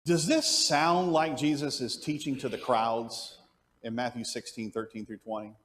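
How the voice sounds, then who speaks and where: A man's voice: mid-range voice, fairly even intonation, normal speed, fairly bright tone. A man teaching an adult Bible class at church. He asks the class questions, answers them himself, and often restarts his sentences as he thinks aloud.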